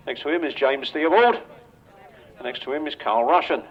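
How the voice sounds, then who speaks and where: An older English man announcing riders and calling a grasstrack race over a loudspeaker at an outdoor track, chatty and joking with the riders. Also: mid-range voice, normal speed, slightly rough. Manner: chatty, jokey, banters with riders. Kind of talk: live grasstrack commentary over a PA. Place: outdoor racetrack. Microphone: public address microphone. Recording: dull lo-fi outdoor recording.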